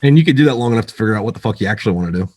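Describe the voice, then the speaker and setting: A man's voice: lowish voice, lively intonation, racing, mellow. A man speaking as a podcast guest and author, rambling and profane with lots of fillers. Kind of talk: casual podcast chat.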